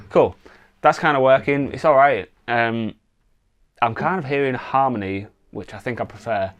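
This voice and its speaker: A man teaching songwriting in a relaxed, casual way, thinking aloud and demonstrating on guitar. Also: medium pitch, normal speed, dull audio. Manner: relaxed, thinks aloud with fillers, sings wordless vocal lines. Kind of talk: casual instructional talk with guitar demos. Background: acoustic guitar playing.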